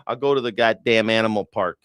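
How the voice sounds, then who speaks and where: A man's voice: lowish voice, brisk, a bit bright, clean tone, no room sound, clean studio sound. A man hosting a news reaction live stream, rambling in a profane, sarcastic way.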